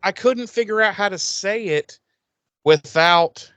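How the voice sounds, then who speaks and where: A man's voice: high voice, slow pace, fairly bright tone, smooth, lo-fi sound. A man co-hosting a casual podcast, joking and rambling with lots of fillers. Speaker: podcast co-host.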